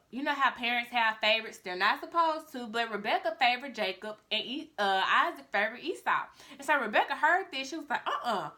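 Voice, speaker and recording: A woman's voice: fairly high pitch, bright, forceful tone. A woman vlogger retelling a Bible story in a chatty, casual way, talking straight to her viewers.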